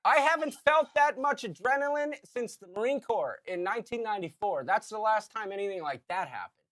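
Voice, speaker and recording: Animated fifty-something man telling a story. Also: high-pitched, fairly quick, no room sound. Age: 50s. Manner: animated storyteller, shouts acted quotes. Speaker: podcast co-host. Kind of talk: casual storytelling chat.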